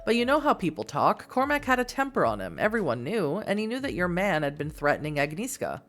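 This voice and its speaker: A woman's voice: lowish voice, very animated, brisk, fairly bright tone, soft background music. A woman voicing a wistful old Irish man who rambles with regret.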